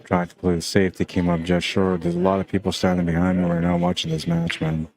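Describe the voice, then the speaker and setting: A laid-back Canadian man with a Spanish accent and a low, mellow voice gives casual live-stream commentary on pool, talking through each shot. His tone is even and unhurried, loosely chatty, and peppered with "man" and "like".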